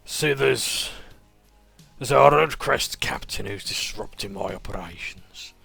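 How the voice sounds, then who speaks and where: A man voicing a menacing male crime boss who calls himself a king, with a Dudley accent and slow, swaggering threats. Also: on the low side, lively intonation, gravelly, a bit bright, soft background music, full character voice.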